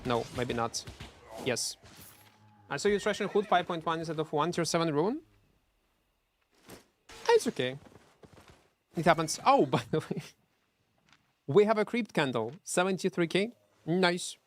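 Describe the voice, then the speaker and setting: A man streaming a game with a high, light voice. He talks casually with his viewers in a chatty, excitable way. He trips over his words and repeats himself as he plays. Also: moderate pace, long pauses, a little hiss or hum. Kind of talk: live gameplay commentary chatting with viewers.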